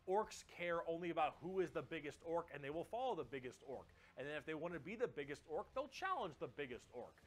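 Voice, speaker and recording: A man explaining a tabletop wargame in an animated, casual way, swearing freely and repeating words for emphasis. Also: on the high side.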